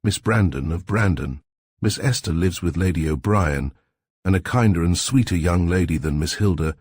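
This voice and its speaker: A man's voice: low voice, moderate pace, a little mellow, no room sound, clean studio sound. A man reading the part of a loyal older housekeeper who answers stiffly and deferentially.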